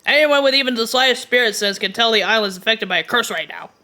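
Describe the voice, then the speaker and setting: A woman voicing a stubborn, hot-tempered old island man with a gruff folksy drawl while reading game dialogue aloud. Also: a little high, quick pace, pushed and bright.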